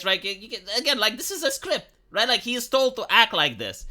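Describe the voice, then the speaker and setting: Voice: medium pitch, expressive, fairly quick, hardly any pauses, pushed and bright. A streamer from Romania, ranting in a video commentary, indignant and full of fillers and restarts.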